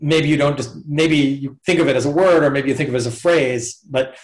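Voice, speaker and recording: A man's voice: a little high, fairly even intonation, fairly quick. A man, a professor guest in a casual interview, explaining ideas thoughtfully and step by step. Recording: roomy echo.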